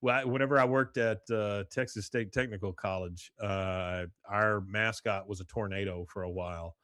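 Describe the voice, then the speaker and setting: A man's voice: on the low side, moderate pace, no echo, studio quality. Laughing man recapping a cartoon episode. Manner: animated retelling, reads out quotes with laughs. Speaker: podcast host. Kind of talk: casual chat recapping an episode.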